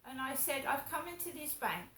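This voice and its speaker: A woman's voice: high voice, big pitch swings, moderate pace, bright, forceful tone. A woman, giving an indignant, repetitive and swearing casual rant as a vlogger. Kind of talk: casual ranting monologue. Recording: echoey room with faint ambient noise.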